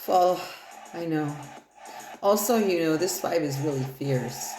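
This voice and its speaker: Low-voiced lady rambling thru a tarot reading, swears a lot, roomy echo. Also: unhurried. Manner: loose, profane, rambling. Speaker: tarot reader. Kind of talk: casual tarot reading livestream. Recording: echoey room with loud music.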